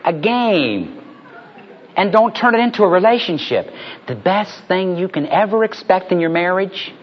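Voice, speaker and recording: Male preacher, high and husky, animated storyteller, dull lo-fi recording. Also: moderate pace. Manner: animated storytelling, building to punchlines. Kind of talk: sermon with humorous stories.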